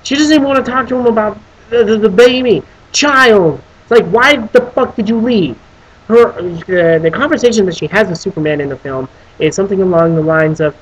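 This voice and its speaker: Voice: medium pitch, normal speed, lo-fi sound. A film reviewer on a casual video who rants with lots of swearing and restarts. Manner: animated, profane ranting with many restarts; breaks into voicing characters.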